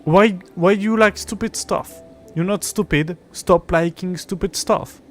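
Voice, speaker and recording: A man's voice: sits high, measured pace, soft background music. A young man, an English speaker, chatting frustratedly and swearing on a live game stream. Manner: frustrated, swearing, muttering to himself. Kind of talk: live gameplay stream chat.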